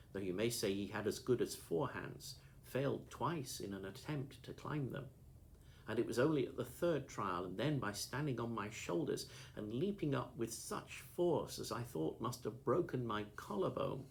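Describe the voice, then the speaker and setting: A man reading a classic novel aloud as an audiobook, in a steady, measured first-person storytelling manner. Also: mid-range voice, gravelly, slight background noise. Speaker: audiobook narrator.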